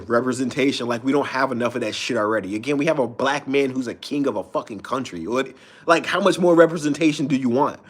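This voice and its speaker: A man with a slightly high voice rants on an unscripted live stream while reading comments. He is heated and profane, his voice swinging sharply up and down.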